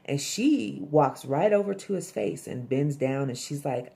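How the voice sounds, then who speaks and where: A woman with a low, mellow voice walks through a TV episode in casual recap mode. She talks bluntly, swears freely and slips into the characters' lines as she goes. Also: expressive, measured pace, vocal fry. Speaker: TV episode reviewer.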